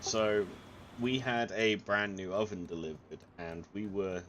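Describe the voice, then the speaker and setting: Man, very deep voice, casual voice-chat storyteller, halting, rambling. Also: steady tone, fairly bright tone, a little hiss or hum. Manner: rambling, halting with fillers and restarts, laughs through his stories. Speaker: gamer chatting with friends on voice chat.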